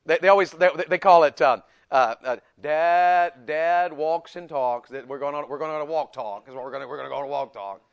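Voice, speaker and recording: A middle-aged man preaching a sermon to men, swinging between loud and soft and acting out voices. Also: medium pitch, fast talker, creaky, few pauses, lo-fi sound.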